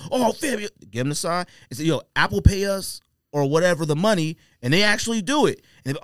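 A man's voice: sits high, lively intonation, a little fast, fairly bright tone, smooth, no room sound, studio quality. A man hosting a podcast, chatting in slangy, exasperated bursts and acting out the lines of people he quotes. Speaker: podcast host. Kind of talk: casual chat.

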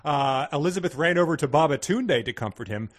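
A man's voice: on the high side, expressive, a little fast. A man co-hosting a comedy podcast, reading passages and adding sarcastic commentary. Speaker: podcast co-host. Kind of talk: casual comedic book discussion.

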